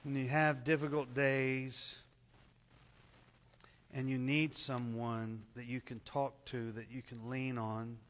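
A man preaching a sermon in an earnest, measured way, dropping softly for emphasis. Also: little pitch movement, in a large hall. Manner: earnest, measured, drops to soft low tones for emphasis. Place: church service at a camp.

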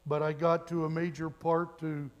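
A man's voice: fairly high pitch, little pitch movement, moderate pace, lo-fi sound. A man in his twenties preaching a sermon in a church, telling a personal story earnestly and building to emphatic appeals. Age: 20s. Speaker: pastor. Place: church sanctuary.

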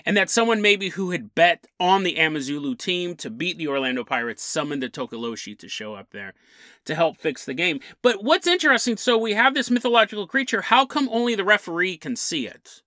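Animated male podcast storyteller. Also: high-pitched, fairly quick, dry recording. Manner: animated storyteller who chuckles mid-sentence. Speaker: podcast host.

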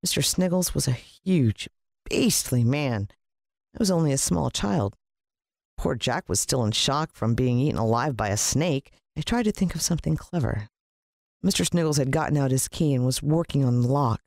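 A narrator reading a children's adventure story aloud in an expressive way, with the pitch leaping up in the dialogue. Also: moderate pace, vocal fry, dry recording, clean studio sound.

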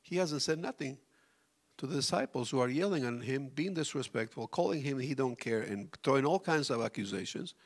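With a mid-range, expressive voice moving a little fast, a man preaches a sermon as pastor. He goes from loud outbursts to hushed near-whispers and questions the congregation directly.

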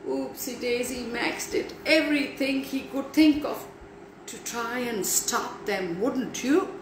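Slow, animated woman storyteller. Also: a little high. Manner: animated, talks to listeners directly. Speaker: children's storyteller. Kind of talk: storytelling for children. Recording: echoey room, faint background noise.

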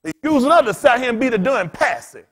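A man preaching in loose storytelling style as a pastor, blunt and cussing, laughing as he swings between loud bursts and quiet asides. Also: extremely high pitch, sing-song, fast talker, husky. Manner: blunt, street-talking, cussing. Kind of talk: storytelling sermon.

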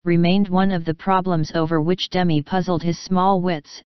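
Very clear woman narrating a classic novel. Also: lowish voice, level tone, normal speed, dry recording, muffled recording. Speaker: audiobook narrator.

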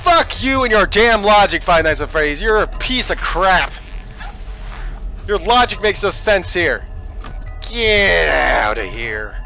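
High bright ranting gamer man. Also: lively intonation, measured pace, soft background music. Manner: ranting, swearing at the game, swings between yelling and hushed muttering. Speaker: let's play gamer. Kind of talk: live gameplay commentary.

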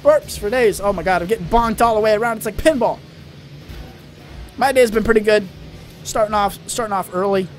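A young man giving excitable let's-play commentary, rambling fast and yelling at his teammates. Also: high-pitched, faint music behind. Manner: hyper, rambling, yells at teammates. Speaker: gaming channel host.

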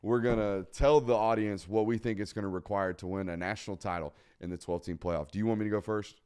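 Man, sports talk host, low voice, emphatic, blunt, repeats himself for stress. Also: steady tone, quick pace, darkish tone, clear, resonant tone. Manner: blunt, casual swearing. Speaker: podcast host. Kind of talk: live sports talk show.

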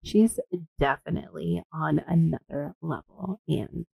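A woman hosting a let's play, commenting in an excitable, giggly and crude way. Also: sits low, unhurried, gravelly, husky, no room sound. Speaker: gaming video host.

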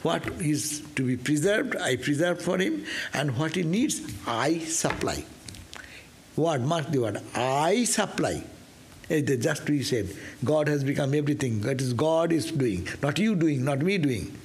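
A monk teaching a scripture class, telling a parable as an animated storyteller who asks listeners "no?". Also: male voice, a little high, moderate pace, hardly any pauses. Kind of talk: sermon storytelling.

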